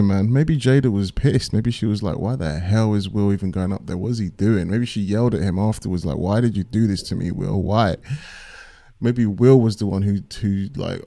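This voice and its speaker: A man reacts to a podcast on a live stream, his low, mellow voice thinking out loud in a rambling, casual way. The sound is dry and close, with no room around it. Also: vocal fry, no echo. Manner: rambling, musing, laughs often.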